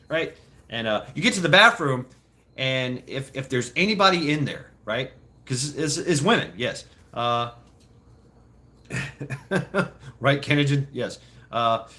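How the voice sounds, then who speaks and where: A man's voice: mid-range voice, lively intonation, measured pace, sharp tone. A man telling childhood stories casually to a live chat, laughing often and swearing freely. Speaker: streamer.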